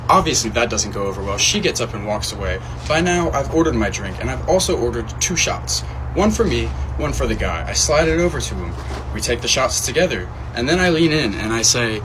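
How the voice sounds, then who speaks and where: A man telling a wry, deadpan story outdoors in a city. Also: medium pitch, brisk. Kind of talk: storytelling monologue. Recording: outdoor street noise.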